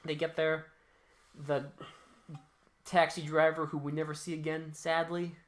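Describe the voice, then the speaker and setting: In a fairly high, level voice at a measured pace, a man co-hosting a podcast casually recaps a movie, swearing freely, joking and acting out what the characters say.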